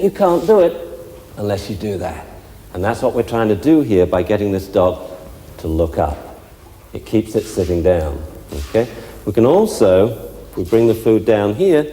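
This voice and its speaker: A man's voice: low-pitched, warm tone. A man working as a dog trainer, explaining step by step in a chatty way during a live demonstration with several dogs. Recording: echoey hall with faint ambience.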